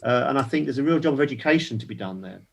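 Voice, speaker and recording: A man's voice: medium pitch, animated, racing, gravelly. An older man, a guest activist on a casual online panel, making emphatic, indignant points and repeating words as he builds them.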